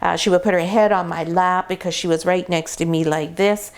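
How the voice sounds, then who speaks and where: Middle-aged lady breeder chatting through puppy care, kinda low voice, explains everything step by step. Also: fairly even intonation, fairly quick. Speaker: dog breeder. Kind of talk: casual explainer video. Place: whelping box indoors.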